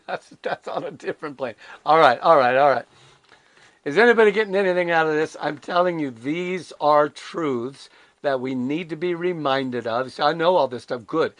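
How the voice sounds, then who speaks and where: A man's voice: fairly high pitch, moderate pace, fairly bright tone, dry recording. An older man preaching a conversational devotional sermon, emphatic and candid, full of rhetorical questions. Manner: candid and self-deprecating.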